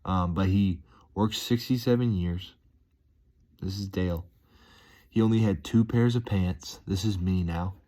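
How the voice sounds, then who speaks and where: A man's voice: sits low, unhurried, pauses often, dark tone. A man talking casually to his viewers in a rambling, playful, enthusiastic vlog monologue, chuckling as he goes. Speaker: vlogger. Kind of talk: casual upbeat monologue to camera.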